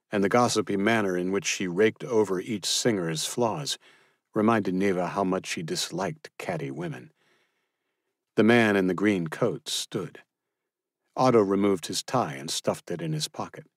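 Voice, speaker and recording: A man reading literary fiction as an audiobook narrator in a measured, expressive manner. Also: sits low, dry recording, clean studio sound.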